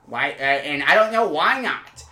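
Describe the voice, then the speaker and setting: This is a male comedy podcast host who talks in halting, filler-heavy bursts, then lands his points with sudden emphasis. His pitch swings widely and his tone is bright. He sounds roomy, with faint music underneath. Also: lively intonation. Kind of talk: improvised comedy podcast banter.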